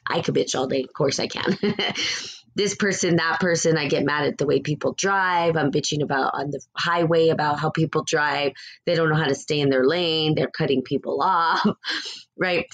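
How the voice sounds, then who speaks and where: Woman, low voice, casual spiritual talk, blunt, swears freely, laughs. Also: fairly even intonation, moderate pace. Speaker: spiritual podcast host.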